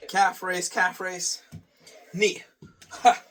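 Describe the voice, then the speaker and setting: A man's voice: high-pitched, a little slow, fairly bright tone, far from the mic. A man talking casually through his day and a workout, repeating phrases and swearing offhand. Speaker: vlogger.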